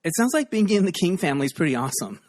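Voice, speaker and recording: A man's voice: high voice, big pitch swings, very fast. A man hosting a podcast interview, asking curious follow-up questions in casual chat. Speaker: podcast host.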